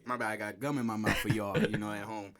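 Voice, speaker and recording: A man's voice: on the low side, level tone, fast talker, a crowd in the background. A man guesting on a podcast as a musician, joking around in heavy slang and laughing often. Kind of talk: casual chat.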